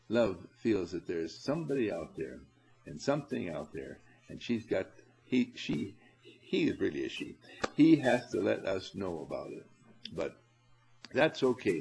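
A husky-voiced man leads a spiritual seminar in an animated, coaxing way. His pitch swings widely as he speaks straight to the people in front of him, and he laughs easily. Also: moderate pace, low-quality recording. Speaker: seminar leader. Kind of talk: spiritual seminar talk to a group.

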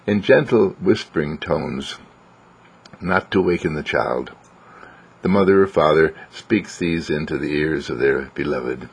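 Low gravelly-voiced man giving a gentle spiritual message. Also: animated. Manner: gentle and unhurried, dropping to soft whispers. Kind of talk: inspirational spiritual talk.

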